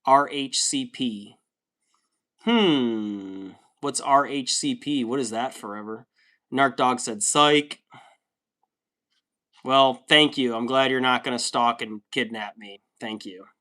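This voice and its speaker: A man's voice: medium pitch, takes it slowly, pushed and bright. Male streamer in his thirties, from the US, easygoing and jokey, casual chat register. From United States. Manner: chatty, laid-back, joking, reads comments aloud. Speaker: livestreamer reading chat.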